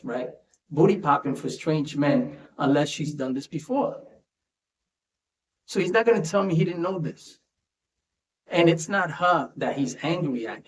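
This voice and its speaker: A man hosting a casual commentary monologue, talking conversationally and tagging his points with "right?". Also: fairly high pitch. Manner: conversational, tags statements with "right?". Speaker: commentary host. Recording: roomy echo.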